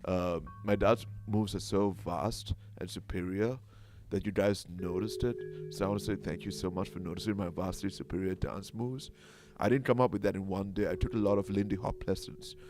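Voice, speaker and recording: A man's voice: low voice, fairly even intonation, normal speed, darkish tone, soft background music, pitched below the performer's own voice, close to an everyday voice. A man voicing a boastful male dance-off champion who rambles with fillers on a comedy livestream.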